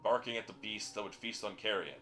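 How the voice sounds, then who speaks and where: A man voicing a cryptic mystic who speaks in quiet, solemn riddles. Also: lowish voice, fairly quick, soft background music.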